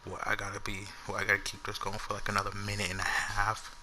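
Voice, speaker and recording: A man's voice: on the low side, completely flat delivery, fast talker, sharp tone, slight background noise, low-quality recording. A young man and YouTuber telling an unscripted story to his viewers in a loose, slangy, rambling way. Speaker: gaming YouTuber.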